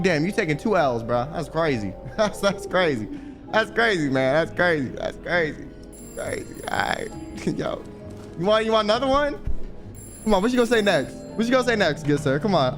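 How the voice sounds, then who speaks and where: A young American man streaming, arguing with his chat in a profane, combative way. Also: high-pitched. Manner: profane, argumentative, answering chat. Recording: music playing behind.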